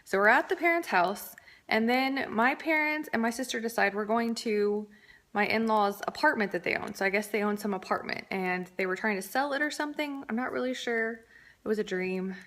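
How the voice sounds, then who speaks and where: A woman's voice: a little high, normal speed, a bit bright. A woman vlogger, around her thirties, casually telling a rambling story to camera, with fillers and asides.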